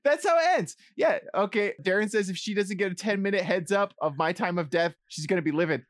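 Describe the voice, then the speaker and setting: A man's voice: high-pitched, brisk, no room sound, clean studio sound. A man co-hosting a casual movie podcast, joking around and playfully agreeing or pushing back. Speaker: podcast co-host.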